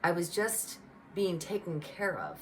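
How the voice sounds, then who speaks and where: A middle-aged woman telling a personal faith testimony in a lively, chatty storytelling way. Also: on the low side, unhurried, slight background noise. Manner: animated, conversational storytelling with lots of "like" and "you know". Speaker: speaker giving a personal testimony.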